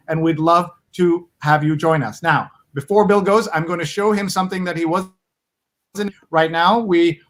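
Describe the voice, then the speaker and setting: A man's voice: high-pitched, a bit bright. A man hosting a casual interview over a video call, chatty and eager to promote his show. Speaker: host.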